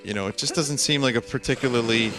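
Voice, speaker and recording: Talking fast at a medium pitch, this man streams a game and drifts through a meandering story full of laughs and filler words. There's quiet game music in the background.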